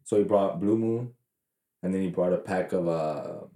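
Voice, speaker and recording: In a reverberant space, a deep, mellow male voice at normal speed co-hosts a podcast. He's of Mexican heritage and spins rambling, profane stories in casual chat, filled with fillers.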